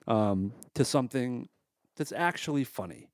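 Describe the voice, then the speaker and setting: A man hosts a comedy podcast in a loose, rambling monologue, sounding fed up and sarcastic and swearing freely. His voice sits at an ordinary middle pitch, and the sound is close and dry with no room echo. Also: unhurried, a little mellow. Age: adult, married. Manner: exasperated, profane and sarcastic.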